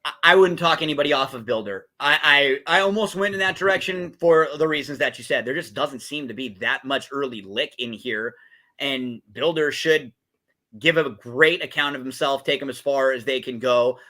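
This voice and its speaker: A man's voice: mid-range voice, normal speed, sharp tone. A man co-hosting a podcast, chatting casually about race and game picks with lots of fillers and restarts. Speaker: podcast co-host. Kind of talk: casual betting talk. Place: podcast setup.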